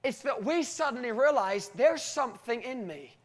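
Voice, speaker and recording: A man preaching a sermon with animated storytelling and emphatic, halting restarts. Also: very high voice. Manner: animated storytelling, often breaking into acted voices.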